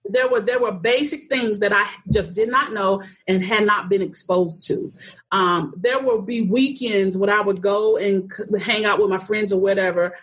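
A woman's voice: mid-range voice, normal speed, fairly bright tone, husky. A middle-aged woman, a guest in a conversation, earnestly telling a personal story in a plain, straightforward way. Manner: earnest and straightforward, laughs easily.

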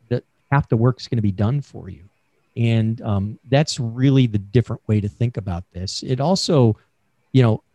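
A man's voice: mid-range voice, a little mellow, dry recording, clean studio sound. A man being interviewed about selling, talking in a chatty coaching way with many fillers over a remote call mic. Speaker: sales expert guest.

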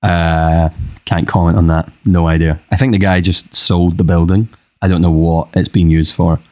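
A young man talks casually as a podcast guest, drifting through stories with lots of ums and restarts. His voice sits very low. The sound is close and dry. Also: little pitch movement, normal speed, dark tone, dry recording. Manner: rambling, hesitant, with many fillers. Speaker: musician guest. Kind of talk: casual chat.

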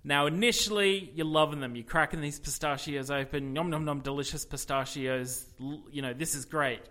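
A man co-hosting a casual podcast, telling rambling, animated stories with plenty of fillers. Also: a little high, moderate pace. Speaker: podcast co-host. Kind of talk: casual chat about video games.

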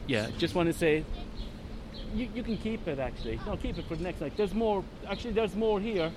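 A man's voice: high voice, expressive, brisk. A man interviewed on a city street, talking modestly and hesitantly and rambling a little. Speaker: neighbor who leads the nightly cheer. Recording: street noise behind.

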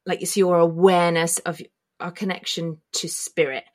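A woman's voice: lowish voice, flat delivery, normal speed. A woman hosting her own podcast, explaining a spiritual topic in a chatty, meandering way and correcting herself as she goes. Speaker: podcast host. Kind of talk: casual spoken explainer. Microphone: filmed while talking, pointing to body.

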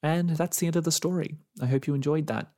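A man's voice: on the high side, fairly even intonation, fast talker. A man narrating a story he wrote, reading expressively with dramatic emphasis.

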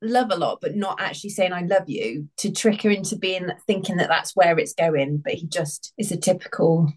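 A woman's voice: on the low side, brisk, darkish tone. British woman making her point firmly. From Britain. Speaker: podcast co-host. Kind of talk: casual chat.

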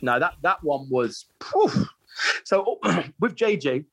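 A man, a footballer guest telling lively anecdotes in a casual interview, laughing and repeating himself. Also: on the high side, takes it slowly.

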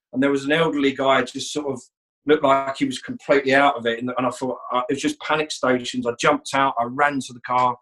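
Bright-voiced man telling an anecdote. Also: medium pitch, low-quality recording. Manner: lively storyteller, animated retelling. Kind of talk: casual chat, anecdote.

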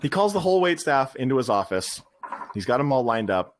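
A man co-hosting a podcast, chatting casually about a movie, relaxed and rambling with laughs. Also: medium pitch, a little fast, slight background noise. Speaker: podcast co-host.

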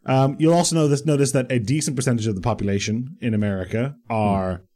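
A man's voice: medium pitch, quick pace, mellow. A man, co-hosting a casual podcast chat with wry, dry asides. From Ireland. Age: 30s. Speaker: podcast co-host.

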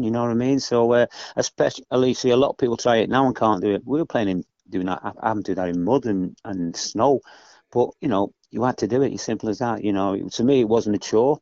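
Fast-talking older man, former footballer. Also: mid-range voice, a little mellow, dry recording. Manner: rambling, repeats "you know what I mean". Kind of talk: casual interview chat. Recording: dull lo-fi dry podcast audio.

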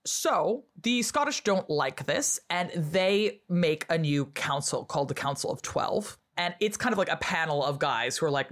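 A woman historian, a podcast guest, retelling history in a casual, irreverent and animated way, with lots of fillers. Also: low voice, moderate pace, few pauses.

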